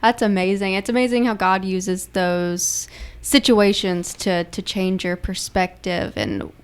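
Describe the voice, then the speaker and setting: A woman hosting a radio interview, answering her guest softly and appreciatively. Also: medium pitch, steady tone, a little slow, clean tone.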